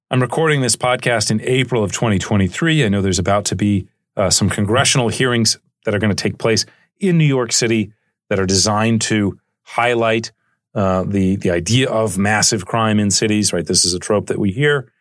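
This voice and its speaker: A man hosting a history podcast, lecturing in a loose, conversational way and often pausing with "uh" and "right?". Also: fairly low pitch, a bit bright, dry recording, studio quality. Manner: chatty and digressive, with frequent "uh" and "right?".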